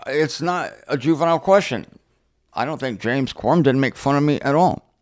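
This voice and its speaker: A middle-aged man teaching the Bible in an unscripted monologue, sarcastic and animated as he answers objectors directly. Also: medium pitch, normal speed. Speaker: Bible teacher and show host.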